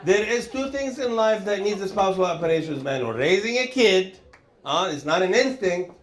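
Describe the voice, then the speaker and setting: A man in his sixties, hosting and telling rambling stand-up comedy stories, jumping to a higher voice for quoted lines. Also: moderate pace. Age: 60s. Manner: rambling, animated, jumps up high for acted quotes. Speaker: comedian host. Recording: roomy echo.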